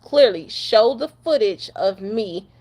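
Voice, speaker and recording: A woman's voice: medium pitch, expressive, slow, a little mellow. A young woman from Detroit, a truck driver, venting bluntly to camera after crying, cussing and repeating herself. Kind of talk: emotional rant to camera.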